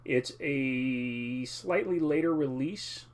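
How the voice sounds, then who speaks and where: In a casual vlog filmed in his home living room, a game collector rambles and jokes while showing off games he bought. His mid-range voice moves slowly.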